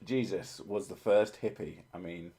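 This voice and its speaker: A man with a fairly low voice hosts a laid-back livestream, riffing on viewer comments. He jokes constantly, swears freely and drifts off topic easily. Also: unhurried, dark tone, husky. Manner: profane, joking, easily sidetracked. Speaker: livestream host reading chat. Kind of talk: casual livestream chat.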